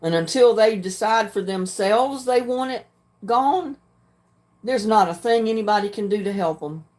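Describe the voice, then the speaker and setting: An older woman, hosting a casual livestream and answering viewer comments in a frank, plainspoken way, often clearing her throat. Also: medium pitch, moderate pace, darkish tone. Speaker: livestream host.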